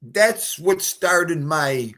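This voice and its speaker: A man's voice: a little high, lively intonation, extremely slow, pushed and bright. A man hosting a casual livestream chat, rambling and emotional as he talks to his guests and the chat. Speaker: livestream host.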